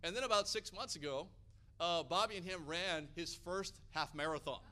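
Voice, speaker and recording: An American man preaching a sermon, energetic and building to loud, emphatic peaks. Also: high voice, moderate pace.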